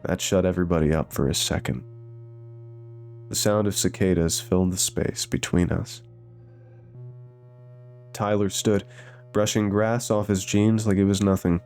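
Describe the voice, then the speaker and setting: A man narrating a scripted horror story with a measured, suspenseful delivery. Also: sits low, steady tone, a little mellow, soft background music.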